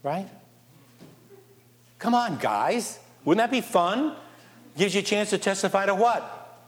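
A male preacher delivers an animated sermon, reading scripture aloud and firing questions at his listeners. His voice sits a little high for a man. The sound carries the long reverb of a large church hall. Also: measured pace. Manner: animated, asks the congregation questions. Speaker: pastor.

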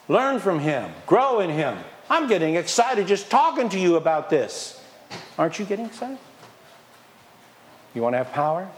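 A man preaching a sermon as pastor, lively and conversational, firing questions at the congregation and dropping from loud emphasis to near whispers. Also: a little high, a little hiss or hum. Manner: animated, questions the congregation, swings from loud to quiet; playfully mocks excuses in a whiny put-on voice.

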